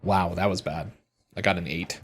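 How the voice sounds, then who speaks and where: A man playing in a tabletop game, halting and curious, asking questions. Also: low voice, crowd noise. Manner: halting, lively, asks questions. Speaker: player. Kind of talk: casual tabletop role-play.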